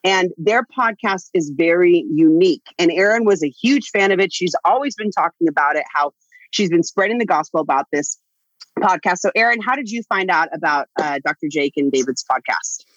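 A woman's voice: lowish voice, animated, fairly quick, a bit bright, no echo. A woman hosting a podcast, bubbly and playful, laughing with her guests. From United States. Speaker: podcast host. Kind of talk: casual podcast chat. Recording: dull, dry lo-fi sound.

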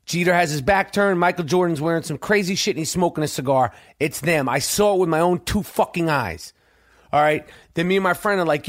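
New guy hosting a podcast, swears constantly, acts out the voices of people in his stories; high voice, dry close mic. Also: brisk, no echo. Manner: profane, animated, acts out quoted voices. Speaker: podcast host. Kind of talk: casual storytelling monologue.

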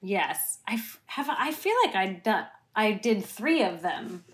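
A woman's voice: mid-range voice, sing-song, a little slow, fairly bright tone. A woman actress being interviewed, chatty and self-deprecating, often breaking into laughter. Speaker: actress guest. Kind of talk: conversational interview.

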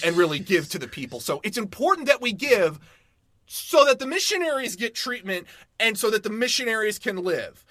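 A man's voice: sits high, sharp tone, no room sound. A man co-hosting a casual podcast, talking in a sarcastic, profane, mocking way. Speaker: podcast co-host.

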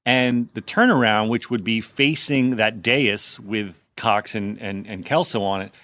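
A man's voice: on the low side, bright, forceful tone, dry recording, clean studio sound. A man co-hosting a podcast, telling rambling, profane stories in a casual chat. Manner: rambling, profane, quick asides. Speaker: podcast co-host.

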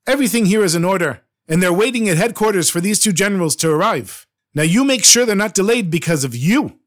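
A man's voice: high voice, expressive, moderate pace, no room sound, studio quality, pitched above the performer's own voice. A man voicing a brash, confident male army officer who talks in a commanding, indignant way.

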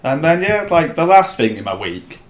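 A man co-hosting a podcast, chatting casually and telling animated stories, acting out quotes and swearing. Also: fairly high pitch, moderate pace. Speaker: podcast co-host. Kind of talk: casual chat. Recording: echoey room.

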